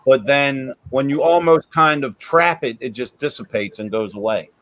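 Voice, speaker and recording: Speaking at a normal pace in a slightly bright, mid-range voice, a man hosting a paranormal podcast keeps the talk loose and chatty. He frequently restarts sentences and repeats words at their start.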